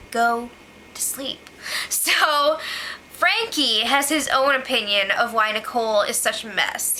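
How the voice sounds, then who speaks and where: A young woman with a high, sharp, bright voice gives a loose, chatty recap of a reality show. She keeps saying "like," often turns sarcastic, and stays casual the whole time. The low-quality recording has slight background noise.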